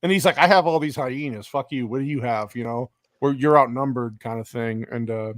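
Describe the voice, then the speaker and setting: A man co-hosting a casual movie reaction chat, animated, swearing often and acting out characters' lines. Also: mid-range voice, a little fast, no echo, clean studio sound. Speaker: podcast co-host.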